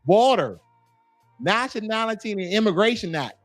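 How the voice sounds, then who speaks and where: Man, high voice, dry close sound, livestream host, taunting, reads chat out loud. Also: lively intonation, a little fast, no echo, faint music behind. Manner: taunting, calls a chatter in over and over. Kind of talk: casual livestream talk reading chat.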